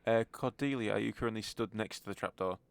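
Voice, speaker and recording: A man running a tabletop game as game master, with relaxed fillers and chuckles. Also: lowish voice, fast, creaky, smooth, no echo.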